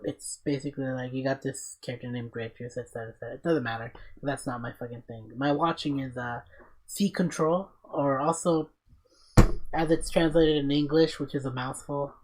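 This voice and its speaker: Man, podcast host, casual chat, excited, swears a lot, rambling. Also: medium pitch. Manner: excited, profane, rambling storytelling.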